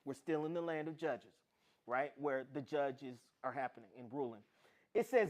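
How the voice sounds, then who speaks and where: A man's voice: mid-range voice, lively intonation, moderate pace. A man teaching a casual Bible lesson, retelling the stories in slangy everyday talk and acting out the characters' lines.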